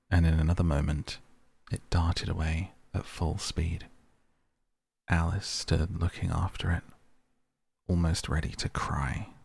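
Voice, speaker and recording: A man reads a classic children's story aloud in a steady, even storyteller's manner. His voice is very deep and gravelly, with a husky texture. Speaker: narrator.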